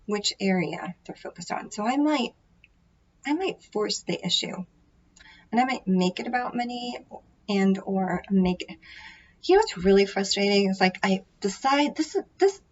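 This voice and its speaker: A tarot vlogger talks casually to the camera about her readings, rambling and poking fun at herself with plenty of fillers and restarts. Her medium-pitched voice is animated and moves at a normal speed. The built-in mic array gives lo-fi sound with a little hiss or hum.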